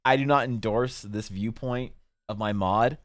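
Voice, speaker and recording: Low-voiced man joking through a livestream. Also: measured pace, no echo. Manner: jokey, mock-outraged, with sudden loud bursts. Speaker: artist streaming while drawing. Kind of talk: casual livestream chat to viewers.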